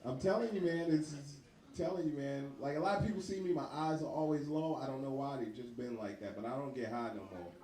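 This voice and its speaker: Give me a man doing profane stand-up in an echoey bar with a loud crowd. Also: medium pitch, fast talker. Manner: animated, profane, laughs through his lines. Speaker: stand-up comedian. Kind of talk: stand-up comedy set. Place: bar stage.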